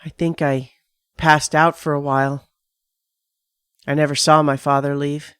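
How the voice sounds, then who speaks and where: A woman reads a horror tale in the first person, unhurried and deliberate, every line given room to land. Her voice sits close on the mic in a dead-dry room with no echo at all. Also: low-pitched, little pitch movement, fairly bright tone, smooth. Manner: measured, dramatic first-person reading. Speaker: narrator. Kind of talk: scripted horror story narration.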